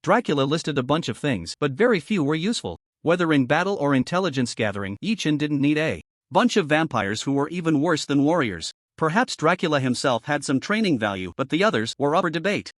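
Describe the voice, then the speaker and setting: A man's voice: fairly high pitch, very animated, brisk, no room sound, studio quality. A man narrating a fantasy story recap in a scripted storytelling delivery.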